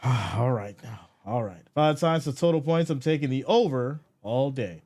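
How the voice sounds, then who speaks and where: A man hosting a casual live stream, reading viewer chat aloud, hyped and loud one moment and dropping to soft, low asides the next. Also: lively intonation, normal speed. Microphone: streaming microphone.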